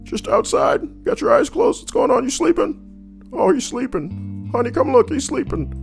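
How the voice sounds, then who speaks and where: A man putting on a high, babbling voice as a nosy, fussy suburban neighbor in a comic bit. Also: wildly swooping pitch, moderate pace, vocal fry, faint music behind, heavily acted. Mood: nosy excited. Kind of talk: comic impression in a stream.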